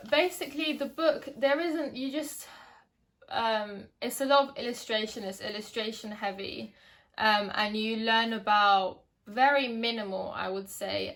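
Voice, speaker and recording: A woman's voice: mid-range voice, steady tone, unhurried, fairly bright tone. A young woman giving a casual book review, chatty and hesitant, with many ums and restarts. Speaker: book vlogger.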